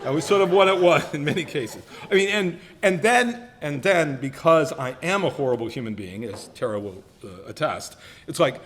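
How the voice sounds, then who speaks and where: A man's voice: medium pitch, lively intonation, normal speed, fairly bright tone. A man in his sixties giving a self-deprecating roast speech, teasing colleagues with playful mock voices. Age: 60s. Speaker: retiring professor being roasted. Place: banquet hall.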